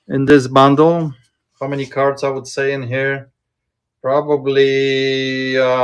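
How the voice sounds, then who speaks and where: A man hosting a casual live-stream sale from inside a shop, chatting and thinking aloud in an unhurried way. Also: mid-range voice. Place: indoors in a card shop.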